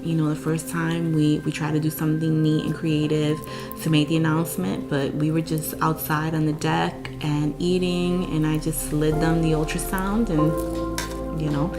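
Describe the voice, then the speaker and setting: Woman, deep voice, candid personal testimony, soft guitar behind. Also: little pitch movement, moderate pace. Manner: earnest and candid, frequent "you know". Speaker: mother sharing her infertility story. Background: soft guitar music.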